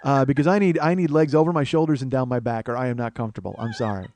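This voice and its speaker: Middle-aged male comedy podcaster, quick, profane, rambling monologue. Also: mid-range voice, steady tone, a little mellow, a little hiss or hum. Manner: rambling, profane, self-amused.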